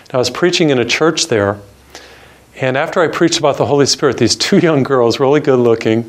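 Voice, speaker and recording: Speaking at a medium pitch, an older Catholic priest recounts something from his own life in an earnest homily. He slows down whenever he wants key words to land.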